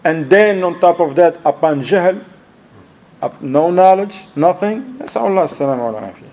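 A man giving an Islamic lecture and answering questions, animated, mixing Arabic phrases into his English. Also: sits high, moderate pace, dull audio, slight background noise. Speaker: Islamic preacher.

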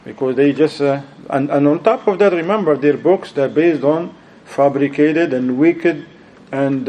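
A man giving an Islamic lecture and answering questions, animated, mixing Arabic phrases into his English. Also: mid-range voice, rough recording. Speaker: Islamic preacher.

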